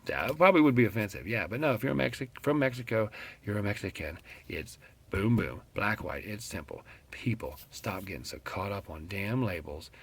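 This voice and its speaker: West virginia guy vlogging, gravelly lowish voice, blunt and cussing a lot while he rants. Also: moderate pace. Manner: blunt, profane, animated storytelling. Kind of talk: casual ranting vlog.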